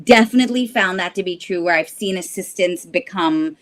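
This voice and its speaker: A woman's voice: on the low side, normal speed, fairly bright tone. A woman actress speaking as a guest in an interview, earnest and thoughtful, often adding "you know" as she reflects.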